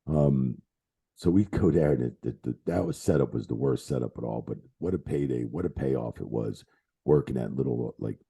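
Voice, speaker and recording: A middle-aged former wrestling referee, a man, telling backstage stories in a casual interview, animated and swearing freely. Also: extremely low pitch, moderate pace, vocal fry, breathy edge. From New Jersey area. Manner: animated, swearing, laughing, retelling backstage anecdotes.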